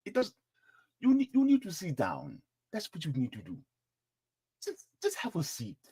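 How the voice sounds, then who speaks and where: A man's voice: on the high side, huge pitch swings, moderate pace, warm tone, husky, exaggerated voice. A man putting on a mock African accent to voice an exasperated man who scolds someone and tells them to sit down. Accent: put-on African. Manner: scolding, repetitive, emphatic.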